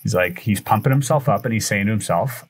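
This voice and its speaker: A man who is a guest on a podcast, telling a story in animated fashion, acting out the dialogue and often restarting his sentences. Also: lowish voice, brisk, husky. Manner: acts out dialogue with shifting voices, frequent restarts.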